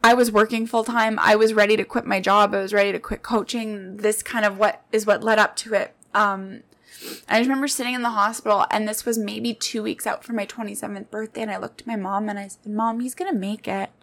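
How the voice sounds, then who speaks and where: A woman's voice: medium pitch, fairly even intonation, fairly quick, gravelly, a bit bright. A woman in her late twenties hosting a podcast, sharing personal stories in an earnest, heartfelt monologue that speaks straight to her listeners. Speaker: podcast host.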